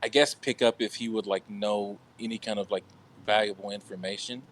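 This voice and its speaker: A man's voice: on the low side, steady tone, a little fast. A man playing a tabletop game, thinking aloud hesitantly as he decides his move. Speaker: player. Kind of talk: casual tabletop play.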